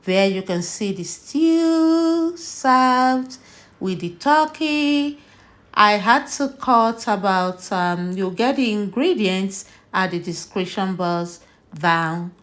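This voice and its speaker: A woman from Nigeria hosting a cooking vlog, chatty and unhurried, walking viewers through her dish. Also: medium pitch, expressive, a bit bright. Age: adult, mother. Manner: slow, chatty, tastes food on camera and laughs. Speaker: cooking channel host. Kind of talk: casual cooking vlog narration.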